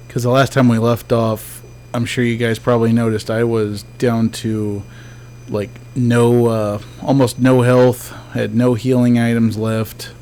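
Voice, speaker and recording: A man's voice: fairly low pitch, vocal fry, darkish tone, a little hiss or hum. A man giving casual let's-play commentary as a game streamer, chatty and joking, talking back to the ghosts on screen.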